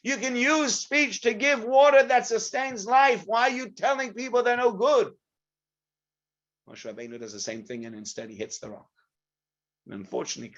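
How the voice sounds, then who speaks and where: Rabbi giving a Torah class, higher voice, dramatic acted-out quotes, muffled lo-fi recording. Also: male voice. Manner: acts out quotes with sudden loud outbursts. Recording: dull lo-fi recording.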